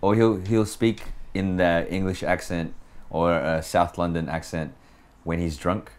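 A man co-hosting a casual podcast, telling stories with animated delivery. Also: sits low, measured pace, clear, resonant tone. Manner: animated storyteller, puts on accents when quoting. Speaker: podcast co-host. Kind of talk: casual chat.

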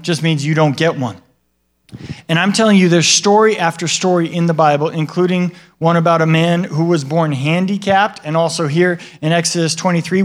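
A man preaching a sermon in a conversational way, often checking in with listeners and acting out the people in the stories. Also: a little high. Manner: conversational, asks the listeners questions and tags lines with "right?"; acts out what God and other people say in a livelier voice. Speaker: pastor.

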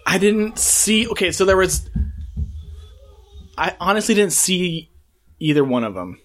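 A man's voice: high voice, very animated, a little slow, fairly bright tone. A laid-back man co-hosting a casual movie podcast. He answers in short, dry lines and lets his friend carry the jokes. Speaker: podcast co-host. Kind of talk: casual chat.

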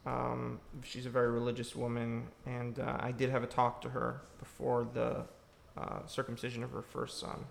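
A man's voice: medium pitch, completely flat delivery, normal speed, vocal fry, hardly any pauses, slight background noise. A man, a filmmaker, answers audience questions after a screening in a church, reflective and searching for his words.

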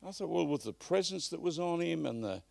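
A man preaching a live sermon at a church service, emphatic, swinging from loud bursts to hushed asides. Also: a little high, expressive, a little fast, vocal fry, no room sound.

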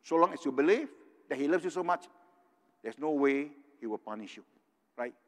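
A man's voice: fairly high pitch, animated, quick pace. An older man from Singapore preaching a sermon, earnest and tagging his points with "right?". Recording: long hall reverb.

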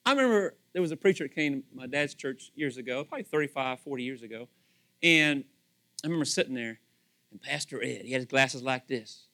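A man's voice: medium pitch, lively intonation, brisk, bright, forceful tone. A middle-aged man preaching a sermon as pastor, asking the congregation rhetorical questions and acting out quoted voices.

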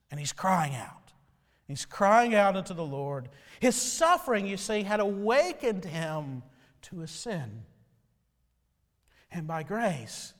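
A man delivers an earnest sermon in an unusually high, widely swinging voice, stacking rhetorical question on question. He speaks slowly and deliberately, and his words ring out with the long reverb of a church sanctuary. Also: a bit bright. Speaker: pastor.

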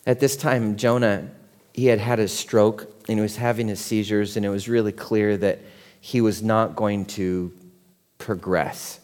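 A man in his forties, a pastor preaching a conversational sermon that swings from quiet and tender to loud and excited. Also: fairly low pitch, a little slow. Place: church sanctuary. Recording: long hall reverb.

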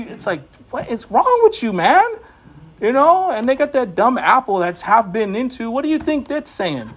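A man's voice: extremely high pitch, normal speed, slightly rough. A man preaching an informal sermon in a conversational way, getting emphatic at times. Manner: conversational, emphatic, rising to animated exhortation.

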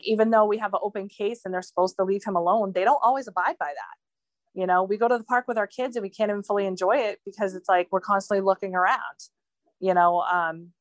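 A woman speaks as a guest and recounts her family's ordeal in earnest, rambling sentences full of fillers. Her voice sits at an ordinary middle pitch. The sound is dry and close, with no room around it. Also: steady tone, fast, no echo. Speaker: guest sharing a family story. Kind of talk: emotional personal account.

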